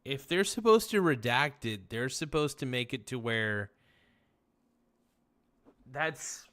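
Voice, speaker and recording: A man's voice: medium pitch, big pitch swings, slow, a bit bright. Tired male streamer, casual rambling talk-show host, medium voice. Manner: rambling, tired and laid-back, says "man" a lot. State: tired, yawning. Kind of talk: casual late-night stream chat reading viewer messages.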